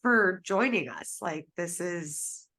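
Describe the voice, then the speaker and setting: A woman's voice: fairly low pitch, expressive, takes it slowly, sharp tone. A woman hosting a podcast, politely and gratefully thanking her guest. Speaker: podcast host. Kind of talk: interview wrap-up.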